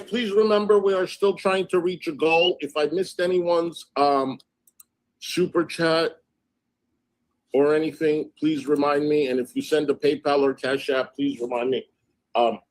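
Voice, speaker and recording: Brief: male livestream host, husky voice, gossipy recap of messages, loose "I said, she goes" delivery. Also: mid-range voice, a little mellow, poor audio. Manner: reads out text messages in a chatty gossipy retelling; frequent fillers, "I said, she goes" storytelling. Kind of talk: casual livestream chat.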